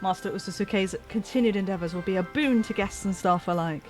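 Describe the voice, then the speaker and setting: A woman's voice: medium pitch, a little fast, lightly acted. Woman reading formal male attendant, courteous, old-fashioned wording, faint music. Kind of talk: reading game dialogue aloud.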